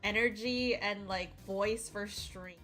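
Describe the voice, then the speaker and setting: A woman's voice: mid-range voice, steady tone, slow, a bit bright, soft background music. A woman streamer chatting casually with her viewers, playful and teasing, with frequent giggles.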